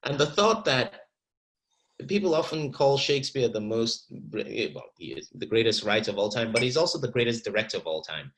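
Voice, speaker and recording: A man teaching an acting masterclass, talking in an animated, encouraging way and repeating words as he thinks. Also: mid-range voice, fairly quick, poor audio. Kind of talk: masterclass coaching.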